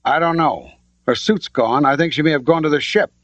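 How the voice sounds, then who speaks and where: A man voicing a calm, wry male mathematician in an audiobook. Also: fairly high pitch, a little fast, no echo, voice pushed up, natural voice. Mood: explaining. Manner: dry and even, calming others down. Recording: dull lo-fi audiobook recording.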